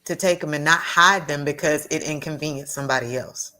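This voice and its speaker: A woman telling a heartfelt personal story as a guest, earnest and halting, often restarting and repeating words. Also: sits low, bright, forceful tone. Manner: acts out quoted voices of others in her story.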